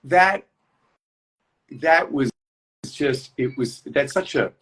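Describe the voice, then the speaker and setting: A man's voice: mid-range voice, animated, slow, a bit bright, breathy edge. A man, an actor, chatting casually as a guest on a live phone call, telling stories in a rambling way with many restarts.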